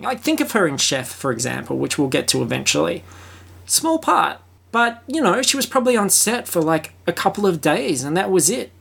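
Sarcastic Australian podcast host. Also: medium pitch. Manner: sarcastic, swearing, mock-excited asides. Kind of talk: solo film-review podcast commentary.

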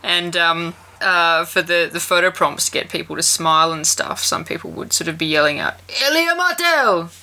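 A man co-hosting a casual podcast, relaxed and laughing often, mimicking people he heard. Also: fairly high pitch, moderate pace, gravelly, few pauses. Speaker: podcast co-host.

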